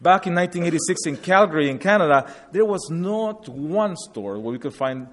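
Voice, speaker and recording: This is a personal testimony with slides: a Spanish-speaking Guatemalan man in his forties recounts how he migrated, speaking in a hall with a long reverb. His voice is a little high with lively intonation and normal speed. He tells the story earnestly and reflectively.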